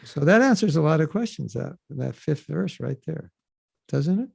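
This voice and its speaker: Creaky-voiced man teaching casually. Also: on the high side, normal speed, no room sound. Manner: animated, acts out quoted voices. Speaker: podcast host teaching scripture.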